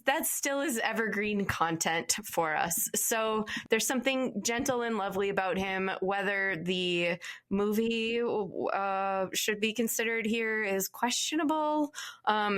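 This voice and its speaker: Gentle, musing woman panelist. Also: medium pitch, a little slow, clear, resonant tone. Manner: gentle, musing, many filler ums. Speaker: podcast panelist. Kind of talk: pop culture debate podcast.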